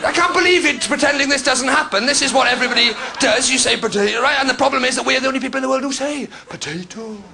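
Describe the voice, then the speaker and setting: A man's voice: very high voice, racing, vocal fry, few pauses, bright, forceful tone. A Welsh man doing a stand-up set in a comedy club, ranting with mock indignation at the audience. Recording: live club set with crowd laughter.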